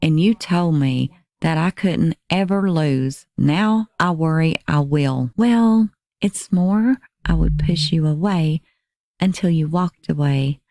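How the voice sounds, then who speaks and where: A woman narrating a crime channel, reading text messages aloud in a measured, even voice. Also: low-pitched, no echo, clean studio sound.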